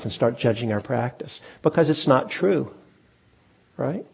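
Male meditation teacher, husky mid-pitched voice, dull lo-fi recording, casual dharma talk. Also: normal speed. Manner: relaxed, conversational, frequent ums and restarts. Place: meditation hall with audience.

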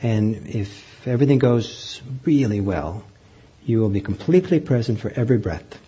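A man teaching meditation, guiding a group in a gentle, unhurried way with frequent pauses and fillers. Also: lowish voice, lively intonation, breathy edge, muffled recording. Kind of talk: guided meditation instruction.

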